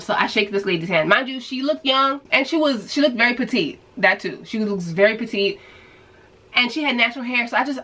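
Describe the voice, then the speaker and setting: A woman from New York telling a story to her viewers in a casual, animated way, acting out the people she quotes. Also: mid-range voice, low-quality recording. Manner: animated storyteller who acts out quoted voices. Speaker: vlogger.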